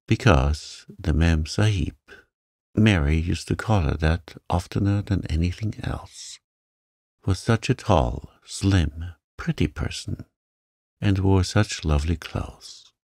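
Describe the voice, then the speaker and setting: A man narrating a sleep story for adults in a calm, gentle reading voice. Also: low-pitched, creaky, no echo, studio quality. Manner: slow, soft and gentle.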